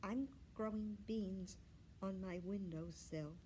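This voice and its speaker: A woman doing a shy, quiet schoolgirl. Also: medium pitch, slow pace, a little hiss or hum, close to an everyday voice.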